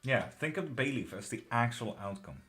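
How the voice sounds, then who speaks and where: A man doing live tarot readings, chatting breezily with viewers and answering questions quickly, with casual swearing. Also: mid-range voice, lively intonation, a bit bright, soft background music. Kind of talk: casual live-stream chat.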